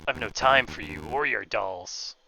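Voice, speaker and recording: A man reading a gruff soldier's lines in a plain, clipped way. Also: fairly low pitch, measured pace, sharp tone, soft background music, pitched below the performer's own voice, heavily acted, low-quality recording. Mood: curt.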